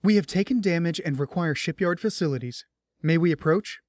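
A man voicing a calm female admiral speaking over a radio channel. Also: on the high side, a little fast, no room sound, clean studio sound, close to an everyday voice. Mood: measured.

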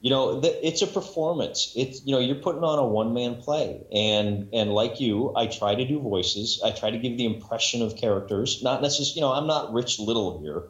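A man's voice: medium pitch, normal speed, few pauses. Rambling man in an echoey room. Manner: rambling, many restarts, self-mocking. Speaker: audiobook narrator guest. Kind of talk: casual podcast chat. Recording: echoey room, dull lo-fi sound.

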